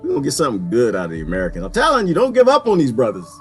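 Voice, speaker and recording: A man ranting in a casual vlog, swinging from loud outbursts to quiet mutters and laughing often, with folksy talk. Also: mid-range voice, wildly swooping pitch, rapid-fire, faint music behind. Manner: folksy, uses "y'all". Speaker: vlogger. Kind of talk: ranting monologue.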